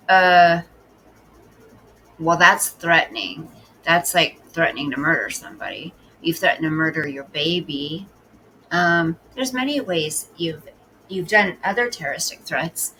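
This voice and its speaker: Woman commentator, slow deliberate pace, gravelly fry, blunt sarcastic scolding, faint hiss. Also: lowish voice, bright, forceful tone, poor audio. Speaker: commentary host. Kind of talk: casual reaction commentary.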